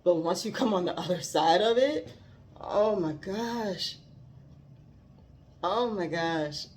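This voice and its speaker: A woman's voice: on the low side, expressive, takes it slowly, darkish tone, slight background noise. A woman talking earnestly about faith and growth, heartfelt and given to laughing. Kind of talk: reflective faith talk.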